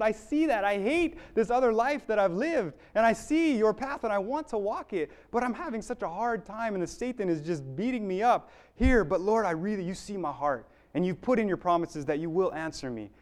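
A man's voice: high-pitched, expressive, normal speed, few pauses. A man preaching a sermon in an earnest, building way, with fillers and restarts along the way.

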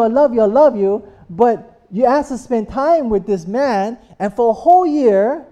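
A preacher with a mellow, medium-pitched voice preaches a sermon, going back over points again and again. The style is rhetorical, and he or she keeps asking the congregation for an amen.

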